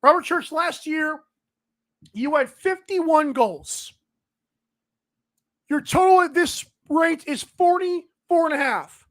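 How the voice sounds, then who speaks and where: A woman's voice: high voice, takes it slowly, long pauses, a bit bright. A woman hosting a sports betting podcast, rambling casually and talking straight to the players she discusses.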